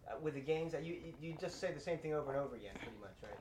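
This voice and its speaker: A man's voice: on the high side, animated, racing. A man interviewing a former carnival worker, asking probing questions and giving short encouraging replies. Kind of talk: oral history interview. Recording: echoey room with faint noise.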